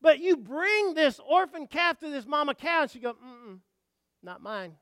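A man preaching a sermon, telling folksy stories and asking the congregation questions, swinging from hushed asides to loud emphatic outbursts. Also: extremely high pitch, moderate pace, no echo, studio quality.

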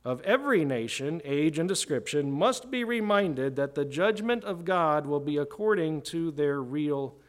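A man's voice: on the high side, animated, unhurried, hardly any pauses. Conversational man preaching a sermon. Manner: conversational, often asking "right?". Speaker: pastor.

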